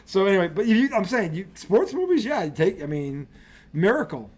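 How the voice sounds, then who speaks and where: A man in casual podcast chat, swearing freely and excitedly retelling movie scenes. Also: sits high, moderate pace, a little hiss or hum. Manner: animated storyteller who swears a lot and acts out scenes. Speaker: podcast co-host.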